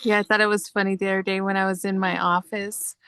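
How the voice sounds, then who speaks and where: A woman's voice: medium pitch, flat delivery, quick pace, fairly bright tone, clear, resonant tone, dry recording. A woman co-hosting a casual live chat who laughs readily and chimes in with short replies. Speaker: co-host.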